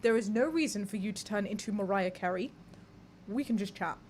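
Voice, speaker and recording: A woman's voice: mid-range voice, fairly quick, darkish tone, a little hiss or hum. A young woman hosting a live podcast, chatting candidly with her audience, reading messages aloud and swearing casually. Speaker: podcast host. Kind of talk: casual live-stream chat.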